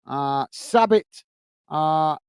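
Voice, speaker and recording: British man, live match watch-along host, chatty, slightly high voice, smooth clear tone, dry close mic. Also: lively intonation, extremely slow, a little mellow, no room sound. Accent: British English. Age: adult, working age. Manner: chatty, reads out viewer comments, calls everyone mate. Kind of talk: casual live commentary and chat. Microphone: earpiece and close mic.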